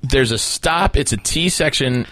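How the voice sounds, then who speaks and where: A man co-hosting a podcast, chatty and quick with asides, laughing often. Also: mid-range voice, a bit bright, no room sound, studio quality. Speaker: podcast co-host. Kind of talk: casual chat.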